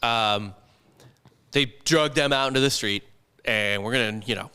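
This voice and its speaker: A man's voice: medium pitch, a little slow, sharp tone, clear, resonant tone. A young man casually telling a history story on a comedy podcast, rambling and profane, sometimes slipping into put-on voices.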